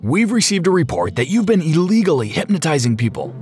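A man's voice: a little high, very animated, brisk, a little mellow, faint music behind, pitched above the performer's own voice. A man voicing an officious adult police officer who speaks in a stiff, formal way.

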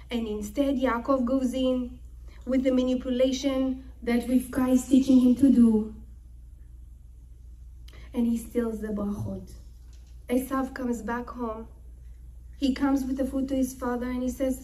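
A woman giving a religious lecture, telling the story in an animated way and acting out the quotes. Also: sits high, unhurried, pauses often, far from the mic, poor audio. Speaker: Torah teacher.

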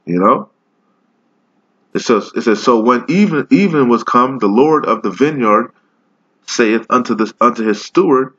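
A man teaching scripture in a casual sermon, reading verses slowly and then riffing on them in loose, slangy talk. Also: medium pitch, fairly bright tone, highs cut off. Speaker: preacher.

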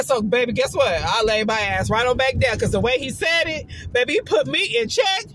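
A woman tells a personal story to her camera in a loose, chatty vlog style, calling her viewers "baby" as she goes. Her voice is bright and forceful, and she shifts into other voices when she quotes people. A faint background noise sits under the recording. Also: fairly high pitch, brisk, few pauses, poor audio. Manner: chatty and expressive, says "baby" often, laughs while telling. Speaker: vlogger.

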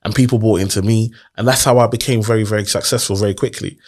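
A man's voice: lowish voice, steady tone, fast talker, a little mellow. A man tells his story in a casual interview, earnest and motivational, often asking rhetorical questions. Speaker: guest.

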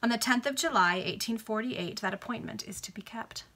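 Woman reading a sincere, melancholy young gentleman, subdued and earnest, bright tone. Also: a little high, brisk.

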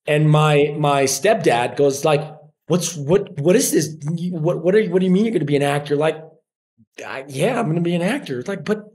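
A man appears as a podcast guest, his slightly high voice moving fairly quickly through casual, animated storytelling. He puts on voices for the people he quotes.

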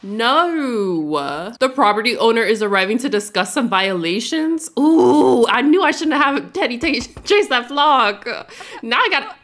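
A woman's voice: a little high, expressive, measured pace, fairly bright tone. A young woman giving casual, playful commentary on a life-sim game, laughing often. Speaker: gaming YouTuber. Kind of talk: casual let's play commentary.

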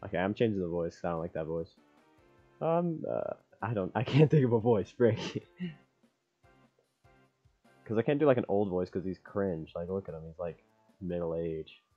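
A young man rambles and jokes through a let's-play in a casual, offhand way. His voice swings widely in pitch. The recording is dull and lo-fi, with faint game music playing behind him. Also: lively intonation, moderate pace, long pauses. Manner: goofy, jokey and rambling. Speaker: gamer.

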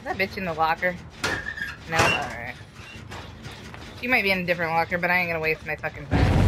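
A woman's voice: fairly low pitch, a little fast, pauses often. Foul-mouthed woman trash-talking while gaming. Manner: profane trash-talking, taunting opponents. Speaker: streamer. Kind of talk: casual gameplay commentary. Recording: noisy background.

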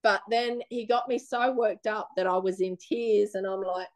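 A woman with an Australian accent, telling her own story in a blunt, animated, plain-spoken way during an interview. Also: mid-range voice, normal speed. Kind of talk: casual personal storytelling.

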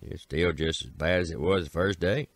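Very deep-voiced man, Appalachian accent, folksy storyteller, dry close recording. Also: normal speed, no echo. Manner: folksy, repeats "said" often, voices characters. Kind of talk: folk tale storytelling.

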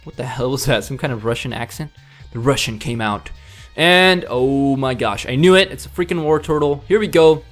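A young man giving excitable commentary over his gameplay as a let's play host, blurting sound effects and gamer slang. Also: medium pitch, moderate pace, faint music behind.

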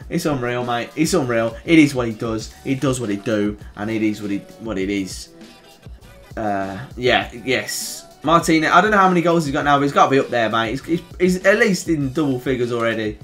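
A young man with a Birmingham accent giving excitable, chatty play-by-play commentary on a football video game, groaning and shouting at near misses. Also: medium pitch, fairly quick, faint music behind. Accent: Birmingham English. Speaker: gaming YouTuber.

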